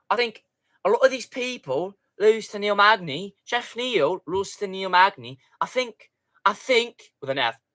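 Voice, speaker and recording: A man's voice: sits high, bright, forceful tone. A man hosting a live stream in casual, profane, rambling chat, reading out viewer comments. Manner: rambling, profane, chatty with frequent restarts.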